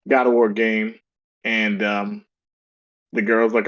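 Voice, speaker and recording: A man's voice: lowish voice, normal speed, no echo, highs cut off. A man co-hosting a casual gaming podcast, telling a shop story and acting out the lines people said. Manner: animated storyteller acting out quotes. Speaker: podcast co-host. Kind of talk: casual chat.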